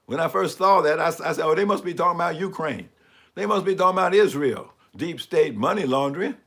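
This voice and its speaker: A man giving sarcastic, mocking commentary on a live stream and asking for the next image as he talks through slides. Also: a little high. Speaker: speaker commenting on news images.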